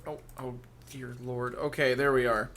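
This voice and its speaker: A man's voice: mid-range voice, level tone, moderate pace, a bit bright, slight background noise. A man giving casual let's play commentary, sarcastic and grumbling, cursing and laughing at the game.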